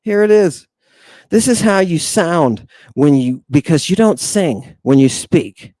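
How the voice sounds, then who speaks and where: A man's voice: a little high, lively intonation, slow pace, a little mellow, no echo. A man teaching a jokey livestream lesson, theatrical and playful, calling out to his viewers. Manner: theatrical, joking, addresses viewers as people. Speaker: online language teacher.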